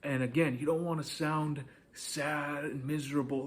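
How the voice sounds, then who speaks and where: A man's voice: fairly high pitch, fairly even intonation, normal speed, few pauses, slight background noise. A man giving dating advice in a casual, direct monologue, coaching the listener and often checking in with "okay?".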